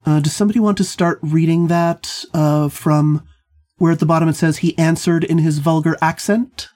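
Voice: medium pitch, steady tone, moderate pace, a little mellow. An instructor leading a literature seminar, speaking thoughtfully with frequent restarts and hedges.

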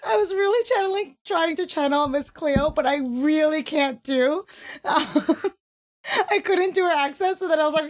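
A woman's voice: high-pitched, animated, measured pace. A woman co-hosting a podcast in casual chat, giggly and self-mocking. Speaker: podcast co-host.

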